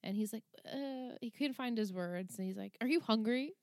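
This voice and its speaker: A woman's voice: on the high side, darkish tone, no room sound, studio quality. A woman co-hosting a podcast, chatting casually and laughing easily while recapping an episode. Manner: laughs easily, quick reactions. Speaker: podcast co-host.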